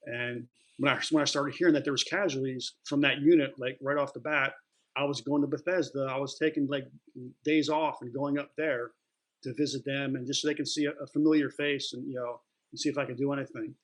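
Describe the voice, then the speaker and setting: Middle-aged man, interview guest, relaxed storyteller, plain-spoken, mid-range voice. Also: medium pitch, fairly quick, poor audio. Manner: plain-spoken, loose, many fillers and restarts. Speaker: interview guest, retired Marine. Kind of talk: casual storytelling.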